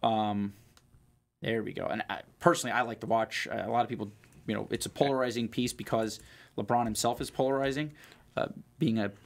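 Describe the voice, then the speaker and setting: A man's voice: fairly low pitch, steady tone, a little fast, gravelly. A man co-hosting a show as a watch trader, talking in a rambling casual way with lots of fillers and restarts. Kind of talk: casual chat.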